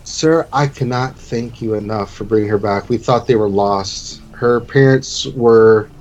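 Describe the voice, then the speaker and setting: A burly middle-aged innkeeper who once served as a knight, as a man puts him on. He is gruff yet kind-hearted, and his old-fashioned words come slowly and with feeling. His voice sits at an ordinary middle pitch. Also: darkish tone, dull audio, close to an everyday voice. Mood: grieving.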